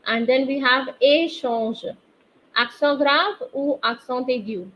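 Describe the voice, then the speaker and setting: A woman teaching a live online French class, explaining accents slowly and quizzing her students through the chat. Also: sits high. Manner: slow, patient, quizzes students via chat. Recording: slightly dull online class audio with faint noise.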